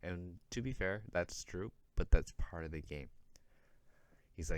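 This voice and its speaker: A man hosting a casual sports recap, chatty, voicing the players' reactions in quick asides. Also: extremely low pitch, a little mellow, dry recording. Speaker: host, sports commentator.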